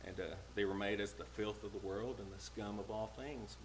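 A man preaching a plain-spoken, homespun sermon in a church, slowing down to read old-style scripture verses. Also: on the low side, fairly even intonation, slight background noise, poor audio. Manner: plain-spoken and homespun, reads King James verses slowly. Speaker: lay preacher. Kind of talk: folksy sermon with scripture reading. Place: church sanctuary.

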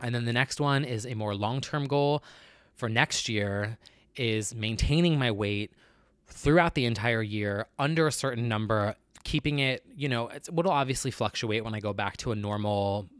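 A man with a nasal voice talks earnestly in a casual vlog and works through his thoughts with lots of fillers. His pitch sits in the middle range. The sound is close and dry, with no room echo. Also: normal speed, a bit bright, clean tone. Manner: earnest and confessional, with many fillers. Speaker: vlogger. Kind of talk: casual personal vlog chat.

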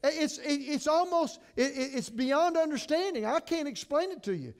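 A middle-aged man pastor preaching a sermon with passion, moving between hushed and emphatic and often restarting words. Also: very high voice, lively intonation, normal speed.

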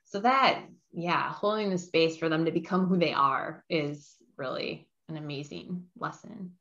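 Low-voiced woman co-host, dull sound. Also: measured pace, a bit bright. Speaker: podcast co-host. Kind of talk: casual interview chat.

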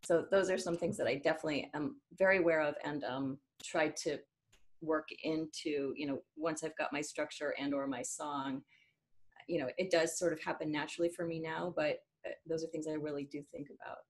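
A middle-aged woman, a singer-songwriter, talking casually in an interview, animated, laughing often and sometimes singing a phrase. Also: deep voice, a little fast.

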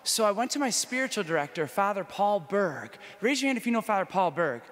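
High-voiced priest, echoing hall. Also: male voice, brisk. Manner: lively storytelling, shifts between loud enthusiasm and hushed intimacy. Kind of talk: conference talk, personal testimony. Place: conference hall. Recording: long hall reverb.

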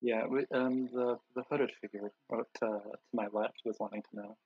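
A man's voice: mid-range voice, fairly even intonation, normal speed, slightly rough, no echo, dull audio. A man playing a tabletop game who talks hesitantly, with many fillers and restarts. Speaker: player. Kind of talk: casual tabletop gameplay chat.

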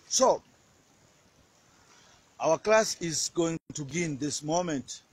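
Male language teacher, husky, fairly high voice, casual and hesitant delivery. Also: expressive, takes it slowly. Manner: repetitive, hesitant, with many fillers and repeated words. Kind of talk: casual outdoor language lesson. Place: outdoors by a lake beach.

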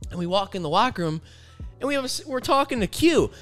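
A man's voice: sits high, very animated, fast, fairly bright tone, soft background music. A young man, a college soccer player, chatting casually and animatedly on a podcast, laughing and swearing freely. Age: young adult.

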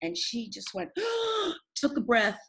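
A woman's voice: medium pitch, normal speed, fairly bright tone, breathy edge, rough recording. A woman who is a guest in a conversation, telling a personal story in an earnest, rambling way with many restarts.

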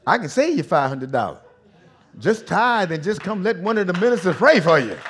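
A male pastor preaching a sermon in a vernacular style, swinging from hushed, intimate passages to loud shouting. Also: sits high, sing-song, normal speed, slight background noise.

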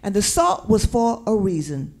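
A woman's voice: mid-range voice, very animated, moderate pace, darkish tone. A woman preacher with a Southern American accent, delivering a sermon and drawing call-and-response from her congregation in church. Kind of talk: sermon with sung lyrics. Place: church sanctuary.

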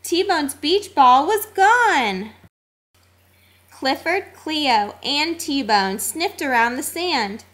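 A woman reading a children's storybook aloud, expressive and sing-song. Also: high voice, very slow. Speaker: narrator.

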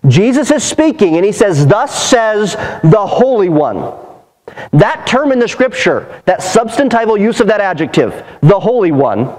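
A man's voice: high voice, big pitch swings, normal speed, hardly any pauses, darkish tone, low-quality recording. A man preaching a sermon as pastor, earnest and emphatic, building his points through repeated phrases. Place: church sanctuary.

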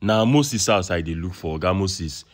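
A man's voice: sits low, moderate pace. Man playing a flustered Nigerian uncle. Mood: pleading. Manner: pleading, excitable, mixes pidgin and English. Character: flustered man hunting for a lost little nephew. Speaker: comic skit actor. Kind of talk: comedy skit acting. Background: music.

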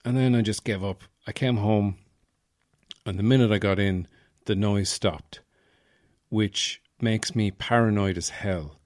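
A low-voiced Irish man talks through a casual comic monologue, rambling and wry as he pokes fun at himself. The sound is dry and close, with no room around him. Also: unhurried, darkish tone, dry recording. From Ireland, Offaly. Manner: rambling, wry, self-mocking. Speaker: podcast host.

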